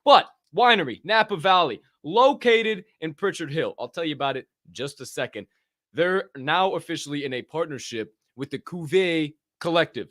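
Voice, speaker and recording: A young American man hosting a casual crypto news show, joking and swearing, his voice jumping in bursts of excitement. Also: on the high side, moderate pace, no room sound, studio quality. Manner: animated, profane, jokey, bursts of shouting. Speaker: podcast host.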